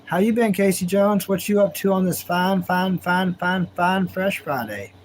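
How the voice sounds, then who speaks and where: The rough recording, with slight background noise, captures a man with a high voice speaking at normal speed. Hosting a home livestream, he drawls easily through casual chat with viewers and laughs a lot.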